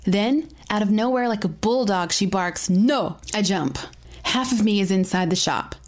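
A woman's voice: medium pitch, normal speed. A woman narrating a first-person story in a dramatic, playful reading.

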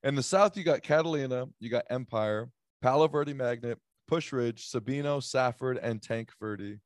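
A man's voice: mid-range voice, moderate pace, no room sound, clean studio sound. A man hosting a casual sports chat, joking and rambling with lots of fillers as he runs through picks. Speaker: sports podcast host.

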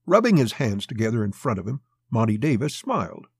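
A man reads an old pulp crime story in a steady, gravelly, husky voice. The sound is close and dry, with no room around it. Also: mid-range voice, a little fast, hardly any pauses, dry recording. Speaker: narrator.

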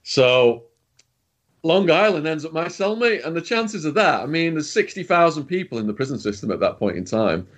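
A man's voice: on the high side, big pitch swings, normal speed, fairly bright tone. Blunt man telling stories. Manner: blunt, swears freely. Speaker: guest, former prisoner and author. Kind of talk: casual storytelling.

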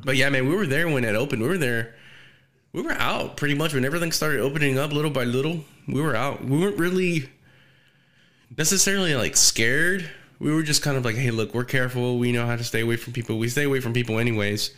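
Lively young man telling stories. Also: quick pace. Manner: swearing, animated storytelling with shrill acted quotes. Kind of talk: casual chat.

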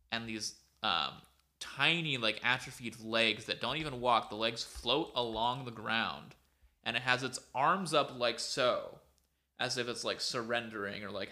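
Over a video call, this male podcast co-host tells a story in a loose, rambling way, leaning heavily on "like" and "um." His voice sits in the mid range and has a sharp edge.

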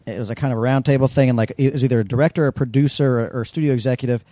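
A man's voice: medium pitch, fairly even intonation, warm tone, no echo, studio quality. A middle-aged man co-hosting a podcast, chatting casually and peppering his talk with "like". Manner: quick talker with frequent "like" fillers. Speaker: podcast co-host. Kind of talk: casual chat.

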